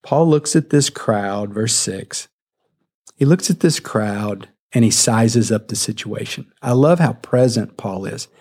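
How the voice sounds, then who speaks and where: A man preaching a sermon, retelling a scripture scene in a lively, storytelling way. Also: on the low side, unhurried, slightly rough. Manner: animated storytelling, acting out the scene.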